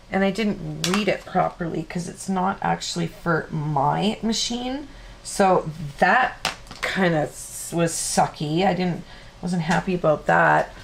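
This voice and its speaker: A woman's voice: on the low side, gravelly, slight background noise. Chatty woman crafting on stream. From Canada. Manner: rambling, self-interrupting, laughs easily. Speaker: card-making tutorial host. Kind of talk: casual chatty live tutorial.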